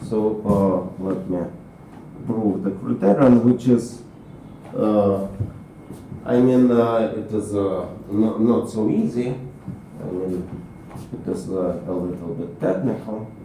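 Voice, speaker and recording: A man with a Russian accent giving a university math lecture in a halting way, filling his pauses with uh. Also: lowish voice, mellow. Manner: halting, frequent uh fillers, switches to Russian with students. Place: lecture hall. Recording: roomy echoey classroom, mic from far off, faint noise.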